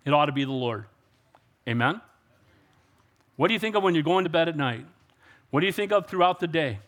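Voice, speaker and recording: A man's voice: fairly high pitch, animated, fairly quick. A man preaching a sermon in an emphatic way, often calling out for an amen. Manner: emphatic, rising to loud exclamations and call-and-response. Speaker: pastor.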